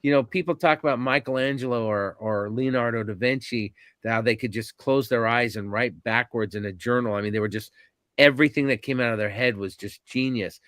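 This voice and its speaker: A man in his fifties, a podcast guest, telling animated stories in casual talk with frequent ums and restarts. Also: mid-range voice, fairly quick, no echo. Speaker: podcast guest, convention organizer. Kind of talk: casual storytelling interview.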